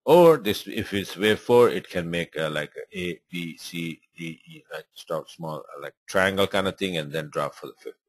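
Trading webinar host, male, very low voice, dry close sound; loose, filler-heavy chart talk in non-native English. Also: lively intonation, normal speed, hardly any pauses, breathy edge, no echo. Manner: rambling and informal, many fillers. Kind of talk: live webinar chart commentary.

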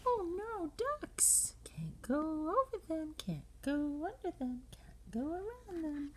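Brief: woman, storybook reader, very slow and sing-song, high animated voice, playful whispers. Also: slight background noise. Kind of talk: reading a children's picture book aloud.

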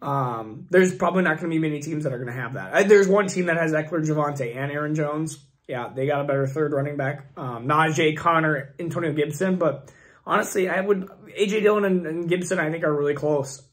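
A man hosting a fantasy football channel, his voice hoarse and failing, rambling through mock draft picks in casual commentary. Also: fairly high pitch, fairly quick. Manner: rambling, restarts often, thinks aloud.

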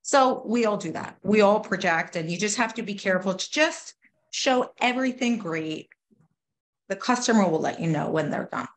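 Animated woman retail consultant. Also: medium pitch. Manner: animated, mimics customers and salespeople in quick asides. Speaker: retail consultant, interview guest. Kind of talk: casual interview, acting out sales-floor dialogue.

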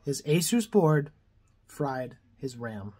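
A man's voice: medium pitch, big pitch swings, takes it slowly, mellow, slightly rough. A young man from Canada ranting angrily to his viewers, swearing often and sounding exasperated. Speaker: vlogger. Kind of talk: angry rant to camera.

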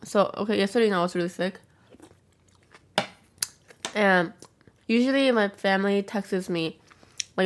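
A young woman chats casually to her viewers while eating on camera. She rambles through a story with plenty of filler words and acts out other people's lines. Her voice sits at a middle pitch. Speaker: vlogger.

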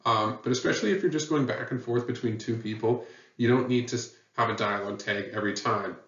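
A man's voice: medium pitch, quick pace, a bit bright. A man teaching a lesson on writing rules, patient and plain, with many fillers. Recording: dull, roomy sound from a distant mic.

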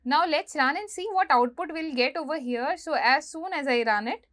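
A woman's voice: high-pitched, normal speed, fairly bright tone. A woman teaching a coding lesson, explaining each step while she types and reads code aloud. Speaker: programming instructor. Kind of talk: screen-recorded coding tutorial.

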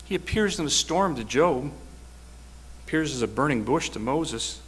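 A man's voice: mid-range voice, fairly bright tone. A man preaching a sermon, telling a personal story with earnest, rising emphasis.

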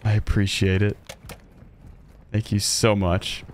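A man's voice: on the low side, level tone, takes it slowly, a little hiss or hum. A man streaming a shooter game, chatting casually, reacting aloud and thanking donors as he plays. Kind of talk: casual gameplay commentary.

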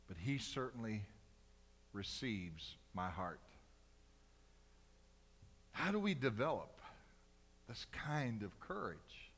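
Preaching pastor, bright ringing voice. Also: male voice, medium pitch, big-room sound. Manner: preaching with big swings from loud cries to hushed, slow emphasis. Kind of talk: sermon. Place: church sanctuary.

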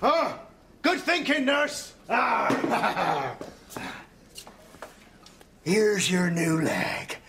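A man's voice: high-pitched, sing-song, extremely slow, creaky, long pauses, heavy background noise. A man playing a reckless carpenter posing as a ship's doctor. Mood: gleeful pirate. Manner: growling pirate talk, gleeful, loud.

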